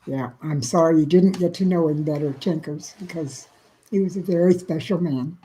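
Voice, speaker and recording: A middle-aged woman from Texas chatting on a livestream, answering viewers by name in a soft, emotional way. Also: sits low, normal speed, rough recording. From South Central Texas. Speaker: livestream host. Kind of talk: casual livestream chat reading viewer comments.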